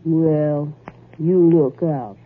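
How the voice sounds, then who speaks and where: Scheming coarse wife. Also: female voice, sits low, fairly even intonation, extremely slow, slightly rough, heavily acted. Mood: taunting. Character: scheming coarse young wife, bold and greedy. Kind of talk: 1940s radio acting. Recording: tinny old radio broadcast.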